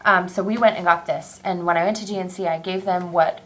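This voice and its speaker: A woman in her thirties talking openly in a casual personal video diary, rambling a little and quick to get teary. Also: fairly low pitch. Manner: chatty, candid, excitable, quick to tear up; rambling with many ums and restarts. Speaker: vlogger.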